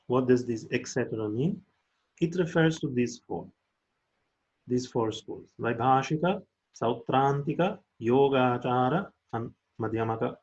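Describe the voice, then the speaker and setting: A man lecturing on Buddhist philosophy, explaining slowly and carefully and chanting verse in a raised voice. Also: mid-range voice, darkish tone, husky, lo-fi sound. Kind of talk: academic lecture.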